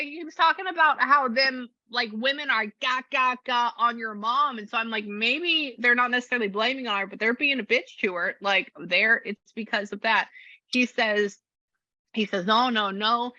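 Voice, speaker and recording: Bright-voiced woman medium, casual and chatty in a reading, dry close audio that is slightly dull. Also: fairly high pitch, normal speed, dry recording. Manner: chatty, animated, relays a spirit's words in quotes. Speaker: spiritual medium. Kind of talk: casual reading session with a client.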